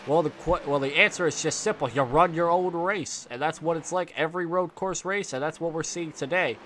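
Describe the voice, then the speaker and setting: A stuffy, slightly high-pitched young man commentates a sim race, stringing calls together with fillers and restarts. Faint racing engine noise hums beneath his voice. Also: a little fast. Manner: rambling with fillers and restarts, excited bursts at contact. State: stuffy, congested.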